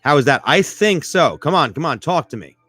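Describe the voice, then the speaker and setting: A man's voice: fairly high pitch, brisk, slightly rough, no room sound. Guy hosting a live podcast, voice jumps all over, joking at himself, dry sound w/ faint music under it. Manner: animated, self-mocking, keeps asking listeners for feedback. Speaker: podcast host.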